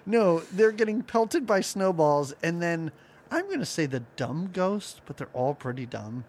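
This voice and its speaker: Animated, laughing podcast co-host man. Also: on the high side, unhurried. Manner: animated, laughs often, acts out lines from the cartoon. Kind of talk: casual chat.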